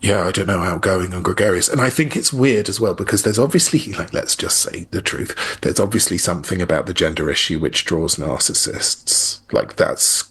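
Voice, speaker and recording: A man's voice: sits low, animated, moderate pace, hardly any pauses, fairly bright tone, slightly rough. A man speaking as an interview guest in a candid, reflective conversation with a wry edge. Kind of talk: casual conversation.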